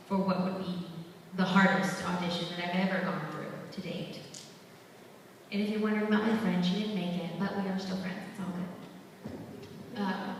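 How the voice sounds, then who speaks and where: A young woman giving a motivational talk to students at a school, telling her story in a lively, chatty way with asides to the crowd. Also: mid-range voice, slight background noise. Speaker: guest speaker at a school. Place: school hall. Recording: echoey hall from far off.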